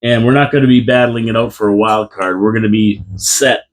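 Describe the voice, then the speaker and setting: A man's voice: lowish voice, fairly quick. A man co-hosting a casual hockey chat from a radio studio, making emphatic, confident predictions. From Canada. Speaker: podcast co-host.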